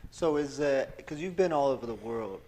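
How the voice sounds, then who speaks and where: A man's voice: medium pitch, lively intonation, normal speed, a little mellow, slight background noise. A man hosting a podcast, asking a question in a hesitant way and searching for words. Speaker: podcast host. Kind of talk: interview question.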